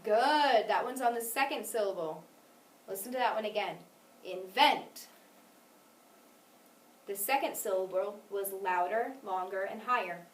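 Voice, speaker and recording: A woman teaching a phonics lesson, patient and clear, stressing syllables carefully and encouraging her student. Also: mid-range voice, normal speed, far from the mic. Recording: echoey room, voice from off mic.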